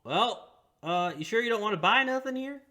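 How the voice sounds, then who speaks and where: A man voicing a boastful male stablehand who drawls loudly and pushes his wares. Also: high-pitched, expressive, moderate pace, voice pushed up. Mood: pushy. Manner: drawling, loud, pushy salesman talk.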